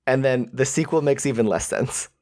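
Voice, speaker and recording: A man's voice: medium pitch, normal speed, darkish tone. A man co-hosting a podcast, chatting about a film with wry joking asides. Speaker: podcast co-host. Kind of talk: casual movie recap chat.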